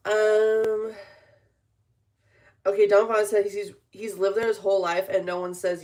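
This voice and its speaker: A woman's voice: medium pitch, little pitch movement, darkish tone. A young woman from California co-hosting a casual livestream, bubbly and chatty as she reads the chat. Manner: bubbly, chatty, quick to laugh. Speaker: co-host reading the chat.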